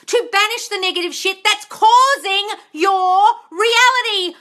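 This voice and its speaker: A woman's voice: extremely high pitch, unhurried, few pauses, sharp tone. Blunt, sweary woman on a livestream. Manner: blunt, sweary, emphatic, reads chat aloud. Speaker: manifestation coach on a livestream. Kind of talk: ranting livestream Q&A.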